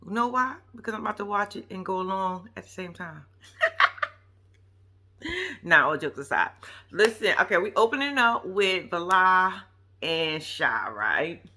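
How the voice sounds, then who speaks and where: A woman's voice: lowish voice, a little slow, pauses often. A woman vlogger reacting to a reality show in casual, chatty commentary. She talks straight to her viewers, slangy and profane, and laughs often. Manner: chatty and animated, addresses viewers directly with slang.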